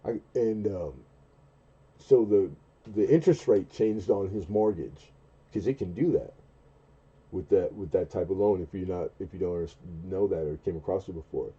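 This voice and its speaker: On a relaxed late-night stream, a husky-voiced man in his 40s spins a long, meandering tale, stopping and starting over mid-sentence amid plenty of fillers. Whenever he quotes someone, his voice jumps much higher and louder. The highs are cut off in the audio.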